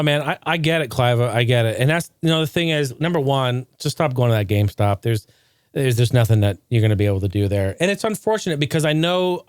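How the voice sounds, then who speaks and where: A man hosting a casual podcast, talking in an animated, emphatic way. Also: medium pitch, clear, resonant tone, dry recording, studio quality. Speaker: podcast host.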